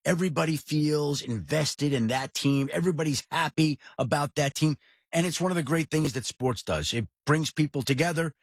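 A middle-aged man from the New York area hosting a sports podcast, telling stories in an animated, emphatic way. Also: a little high, normal speed, breathy edge, no echo, studio quality. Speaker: podcast host. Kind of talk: casual sports talk.

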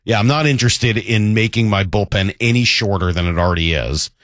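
A man's voice: on the low side, a little fast, a bit bright, no room sound, studio quality. Talkative male sports radio host. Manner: conversational, self-deprecating, restarts often. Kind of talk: sports talk radio monologue.

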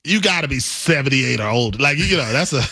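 Playful, husky man with a lively voice. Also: medium pitch, brisk, no echo, clean studio sound. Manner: playful, teasing, laughs often. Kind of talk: casual chat.

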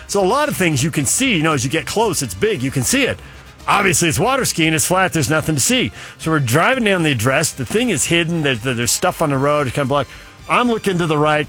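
A man's voice: mid-range voice, fairly bright tone. A middle-aged man hosting sports talk radio, rambling through opinions and a long story. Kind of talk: casual sports talk monologue.

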